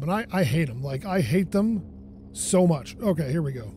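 A man's voice: sits high, fast talker, a little hiss or hum. A man hosting a gaming channel, talking to himself through a let's play and swearing when things go wrong. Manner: animated, self-talking, swearing when frustrated.

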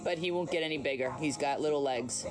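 A woman's voice: low voice, quick pace, over music. A woman hosting a casual phone livestream from home at night, chatty and teasing as she answers viewers' comments. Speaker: livestream host. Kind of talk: casual live chat with viewers.

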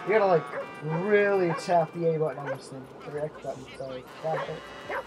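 A man's voice: on the high side, brisk, over music, poor audio. A young man hosting a gaming video, giving playful, goofy commentary that drifts into sing-song. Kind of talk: casual game commentary.

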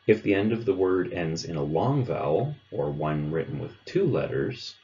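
A man narrating a pronunciation lesson, explaining sounds in a clear, measured way. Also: low-pitched, lively intonation, mellow, dull audio. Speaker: language teacher. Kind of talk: instructional narration.

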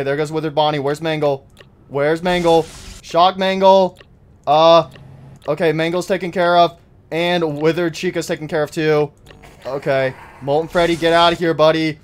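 Excitable high-voiced gaming man. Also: slight background noise. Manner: excitable, talks to the game characters. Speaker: gaming YouTuber. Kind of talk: live let's-play commentary.

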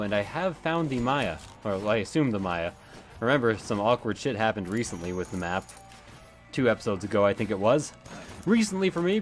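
A man giving casual, rambling commentary while playing a video game, swearing often and drifting into asides. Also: medium pitch. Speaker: let's play gamer.

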